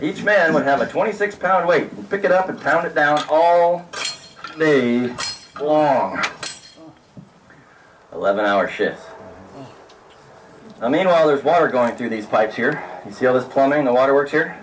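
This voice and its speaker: A man working as a tour guide, explaining mining history to a group outdoors with emphatic, drawn-out storytelling. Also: medium pitch. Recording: distant outdoor mic with faint noise.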